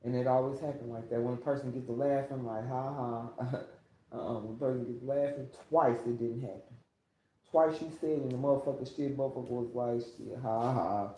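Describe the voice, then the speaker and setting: A man's voice: mid-range voice, steady tone, a little fast, dark tone, a little hiss or hum. A man ranting on a casual livestream. He rambles, swears a lot and repeats himself, speaking into a phone. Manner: rambling, profane, repetitive. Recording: echoey room.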